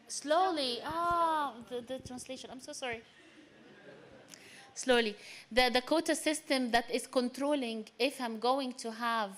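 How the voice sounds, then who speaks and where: A woman's voice: fairly high pitch, a bit bright. Hesitant woman speaking at a panel. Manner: hesitant, many fillers and restarts, grows emphatic. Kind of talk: panel discussion remarks. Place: seminar room.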